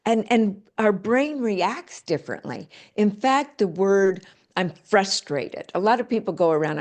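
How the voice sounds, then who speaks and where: A middle-aged woman author talking in an interview, animated, acting out quoted phrases in different voices. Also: medium pitch. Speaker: author and guest. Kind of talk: interview conversation.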